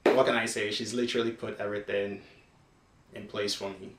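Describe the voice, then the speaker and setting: A man's voice: fairly low pitch, flat delivery, fairly quick, very noisy. A man from Africa hosting, chatting to camera in an emphatic, casual way as he reacts to a clip. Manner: emphatic, chatty, addresses viewers directly. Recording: roomy echo.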